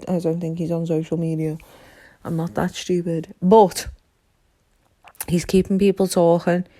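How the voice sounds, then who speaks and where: A woman hosting a podcast from her couch at home, ranting about true crime in an exasperated, animated way, full of rhetorical questions. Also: lowish voice. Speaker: podcast host. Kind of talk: casual true-crime rant.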